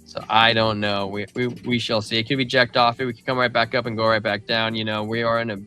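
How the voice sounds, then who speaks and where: A man hosting a live crypto chart stream, talking loosely and excitedly with slang like man and bro. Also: fairly low pitch, brisk, faint music behind. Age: adult father of a young child. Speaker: crypto livestream host. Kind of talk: casual market chart commentary.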